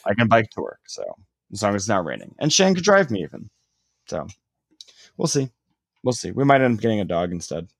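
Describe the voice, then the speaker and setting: Young dude rambling thru a story, says like a lot, dry close sound. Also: male voice, lowish voice, big pitch swings, brisk, gravelly, pauses often, breathy edge, dry recording. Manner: rambling, lots of "like", swears casually. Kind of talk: casual chat, storytelling.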